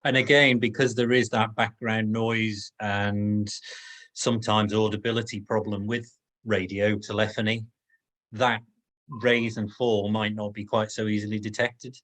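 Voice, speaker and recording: A man on an online panel who explains a point in a measured way. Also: lowish voice, flat delivery, a bit bright.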